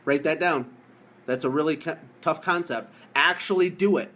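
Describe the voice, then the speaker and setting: Upbeat male coach from the US, a bit higher-voiced, joking and hammering key points on a live stream. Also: normal speed. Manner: energetic, jokey, emphatic, repeats key phrases. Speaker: business coach.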